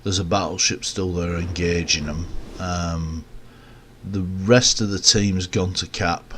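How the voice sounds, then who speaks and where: A man giving casual, rambling commentary over a recorded game, with relaxed, self-mocking asides. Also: deep voice, a little slow, a little hiss or hum. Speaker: gameplay commentator.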